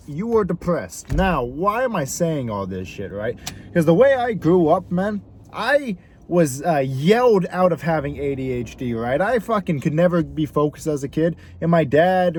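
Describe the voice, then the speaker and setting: A young man with a husky, slightly raised voice, ranting to camera in a swearing, mocking way. His pitch swings widely as he fires off rhetorical questions. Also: a little mellow. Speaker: vlogger. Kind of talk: profane comedic rant to camera.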